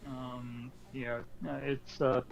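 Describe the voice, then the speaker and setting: A man co-hosting a casual podcast chat, talking in a halting way with many fillers and restarts. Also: mid-range voice, level tone, creaky, over a noisy crowd. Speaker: podcast co-host. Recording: dull lo-fi audio with faint noise.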